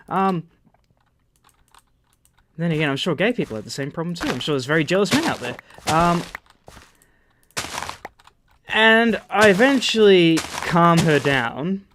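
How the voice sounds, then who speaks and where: Australian gamer guy, lively higher voice, rambling storyteller. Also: slow, pauses often, no room sound. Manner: rambling, animated anecdotes with profanity. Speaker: gaming channel host. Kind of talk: storytelling over gameplay commentary.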